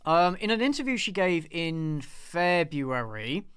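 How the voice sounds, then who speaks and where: A man with a fairly high, smooth voice and a dry, close sound talks casually to his viewers. He rants in exasperation, swears freely and repeats himself when something annoys him. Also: very animated, measured pace, fairly bright tone, no room sound. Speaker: film reviewer and host. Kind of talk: casual live commentary over a played clip.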